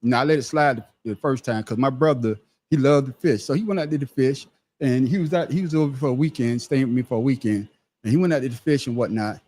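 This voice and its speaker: A man's voice: mid-range voice, fast talker, a little mellow. A middle-aged man on a podcast panel telling a story in casual chat, profane and emphatic, repeating his words as he starts a thought.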